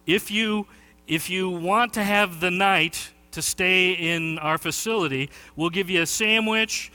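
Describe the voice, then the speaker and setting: Bright-voiced pastor preaching in a reverberant hall. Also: male voice, high-pitched, measured pace, clean tone. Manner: animated storytelling, shouting quoted lines. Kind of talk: sermon.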